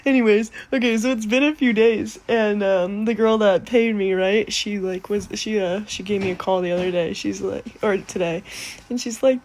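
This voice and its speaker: Animated, profane young woman telling a story. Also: medium pitch, moderate pace. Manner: animated, profane, acts out voices. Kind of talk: casual storytime.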